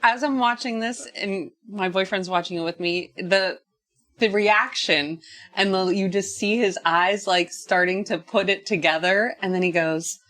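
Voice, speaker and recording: Female guest, mid-pitched, playful storyteller, light and quippy. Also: measured pace, fairly bright tone. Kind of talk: casual movie discussion chat.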